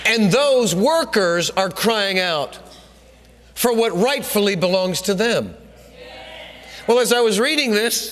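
A man preaching a sermon in an emphatic, repetitive way that builds to shouting. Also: sits high. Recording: hall reverb.

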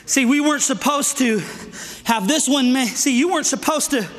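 A middle-aged man preaching a sermon to men, energetic and out of breath, calling for amens. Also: extremely high pitch, normal speed. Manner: energetic, calls for amens, asks "right?". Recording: echoey hall with long reverb.

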